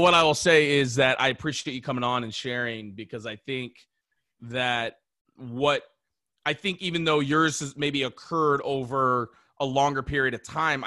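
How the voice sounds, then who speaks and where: A man's voice: medium pitch, pushed and bright, no room sound, studio quality. A man hosting a podcast interview, thoughtful and emphatic, often restarting his sentences. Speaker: podcast host. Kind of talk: reflective interview conversation.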